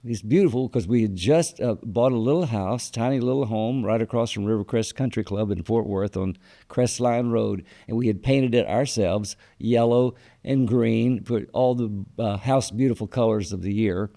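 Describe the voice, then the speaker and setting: Gravelly man telling stories. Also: on the low side, normal speed, mellow. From Texas. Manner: rambling anecdotes with fillers, quoting others. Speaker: guest. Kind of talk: storytelling interview.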